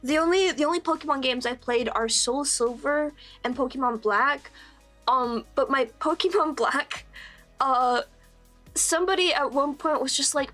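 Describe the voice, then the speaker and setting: A high-pitched young woman chats on a live stream while she draws. She talks in a loose, rambling way, pokes fun at herself and breaks into laughter often. Faint music plays behind her. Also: moderate pace, fairly bright tone. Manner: chatty and rambling, laughs often, self-deprecating. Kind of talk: casual chat while drawing on stream.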